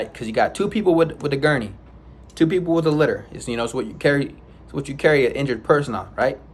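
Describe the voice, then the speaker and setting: A young man tells a story from his own life in a loose, casual way. He restarts his sentences often and drops in sound effects as he goes, at a mid pitch. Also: husky. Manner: rambling, restarts, sound effects like boom and bow. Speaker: vlogger.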